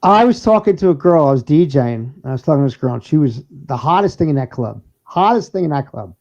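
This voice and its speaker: On dull lo-fi sound, a man who co-hosts a podcast and works as a DJ trades casual banter in a fast, expressive voice on the high side, gravelly but a little mellow. His stories ramble, punctuated by frequent laughs and restarts.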